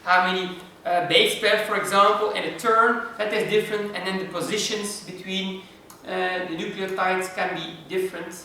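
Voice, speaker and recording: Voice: medium pitch, fairly even intonation, moderate pace, pushed and bright, heavy reverb, distant mic, a little hiss or hum, rough recording. A lecturer giving a university lecture, explaining step by step and asking the class rhetorical questions.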